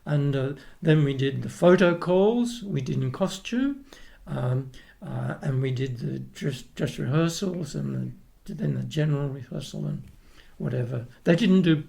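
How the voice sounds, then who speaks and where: An older Australian man who used to sing opera as a tenor spins rambling anecdotes in a casual interview, restarting sentences and acting out those he quotes. His medium-pitched voice is mellow with vocal fry, a little slow, and has few pauses.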